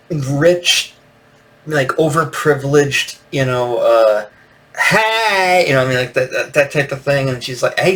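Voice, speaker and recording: Recorded far from the mic with faint noise, a solo podcaster reviews comics in a loose, rambling way, full of fillers and false starts. His voice is mid-range and a bit bright.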